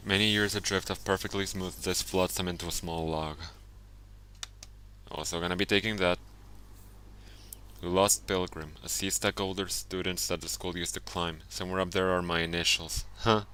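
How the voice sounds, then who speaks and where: A man's voice: deep voice, fairly even intonation, moderate pace, sharp tone, smooth. A man streaming a horror game, musing aloud and reading its text in casual commentary. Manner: muses aloud, laughs at his own jokes. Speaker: let's play streamer.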